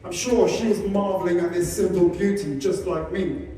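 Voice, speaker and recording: A man's voice: high-pitched, fairly even intonation, moderate pace, warm tone. A man, an animal sanctuary founder, giving a humorous public talk with wry, self-deprecating storytelling. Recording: echoey hall, distant mic, faint noise.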